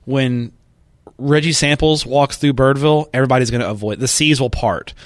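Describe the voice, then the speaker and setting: This man has a mid-pitched voice and a jokey way of talking, tossing out quick asides while co-hosting a sports chat. The recording is close and dry. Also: dry recording. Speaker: podcast co-host.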